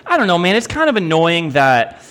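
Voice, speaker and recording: A man's voice: on the high side, very animated, fairly quick, a bit bright. A young man co-hosting a podcast, talking casually in a rambling, profane way with many restarts. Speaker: podcast co-host. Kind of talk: casual chat.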